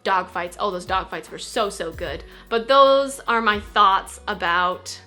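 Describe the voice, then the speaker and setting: Bright-voiced chatty female reviewer. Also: medium pitch, animated, measured pace, soft background music. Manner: chatty, with fillers and repeated qualifiers. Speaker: guest reviewer. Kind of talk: casual film review.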